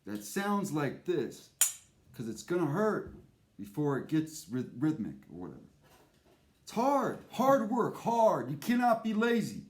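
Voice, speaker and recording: A man's voice: fairly high pitch, wildly swooping pitch, takes it slowly, a little mellow. A man delivering an impassioned spiritual monologue in an intense, emphatic, repetitive way. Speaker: speaker.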